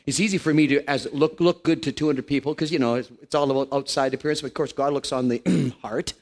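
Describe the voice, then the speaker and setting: A man in his fifties preaching a lively, joking sermon to a congregation in a church. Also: a little high. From Canada. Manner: animated, joking, playful put-on voices.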